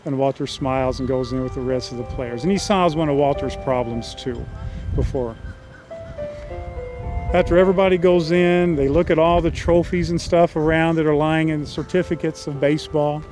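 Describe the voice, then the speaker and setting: Man, slightly high voice, folksy earnest storyteller, clear music bed underneath. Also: moderate pace, poor audio. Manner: folksy, earnest storyteller quoting characters plainly. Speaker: screenwriter telling his story. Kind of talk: storytelling synopsis.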